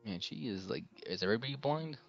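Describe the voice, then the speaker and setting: Husky, lively man on a dull mic. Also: medium pitch, quick pace, faint music behind. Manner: joking, profane. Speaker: co-host reading a visual novel. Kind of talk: casual read-along chat.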